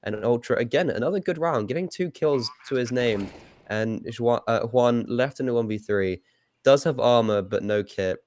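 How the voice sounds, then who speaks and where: A man's voice: mid-range voice, normal speed, darkish tone. A young man giving easygoing color commentary on a live esports match, with hesitant restarts and frequent laughs. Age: young adult.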